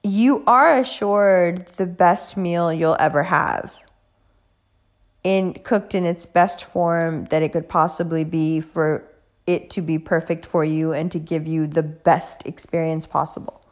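A woman giving a casual motivational talk, telling an animated story and swearing casually. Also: on the low side, unhurried. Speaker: motivational speaker.

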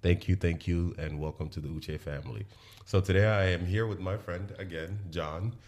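A man's voice: low voice, fairly even intonation, normal speed, darkish tone. A man hosting a podcast, talking in a casual, emphatic way and often asking "you know what I'm saying?". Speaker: podcast host.

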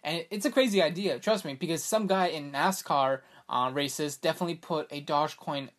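Hiccups keep interrupting this young podcast host, whose voice sits on the high side and moves fairly quickly. His chat is loose, excited, and rambling, with "like" and "bruh" sprinkled everywhere.

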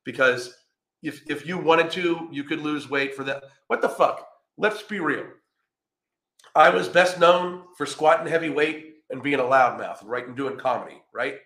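A combative male host ranting profanely, with sarcasm in nearly every line. His voice is bright and forceful, and the room around him is echoey. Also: fairly high pitch, a little slow. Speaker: podcast host. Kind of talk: ranting reaction commentary.

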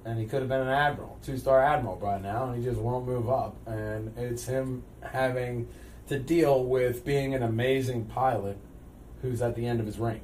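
A man hosting a casual podcast, telling stories with frequent loud laughter. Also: medium pitch, moderate pace. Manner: loud laughing, animated storytelling. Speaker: podcast host. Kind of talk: casual chat. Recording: distant mic, faint noise.

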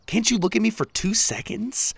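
A man's voice: high voice, normal speed, vocal fry, husky, no echo, voice pushed up, heavily acted. A man voicing a spirited young girl who is bold, protective and insistent. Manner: urgent, insistent pleading.

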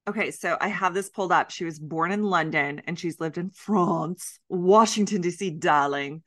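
A woman co-hosting a casual chat podcast, talking in an animated, wry way and laughing often. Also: fairly low pitch, moderate pace, no echo, studio quality. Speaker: podcast co-host.

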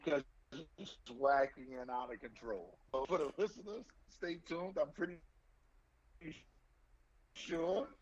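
Laid-back higher-voiced podcast guy. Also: measured pace, pauses often, breathy edge, highs cut off. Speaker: podcast co-host. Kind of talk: casual sports podcast banter.

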